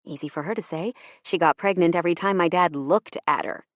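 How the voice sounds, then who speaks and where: Woman audiobook narrator, first-person romance, intimate and reflective, low voice, dry close sound. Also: brisk, dry recording.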